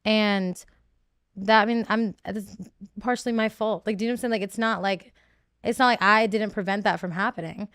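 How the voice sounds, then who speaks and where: A woman's voice: mid-range voice, fairly even intonation, normal speed, fairly bright tone, dry recording, clean studio sound. A woman, a reality show contestant, talking candidly in a podcast interview, emotional and rambling with many fillers and restarts.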